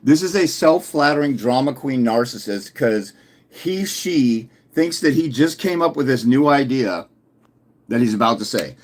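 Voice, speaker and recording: A man with a slightly husky voice delivers a ranting commentary, combative and mocking. He circles back to the same jabs again and again, at a middling pitch. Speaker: fathers' rights consultant.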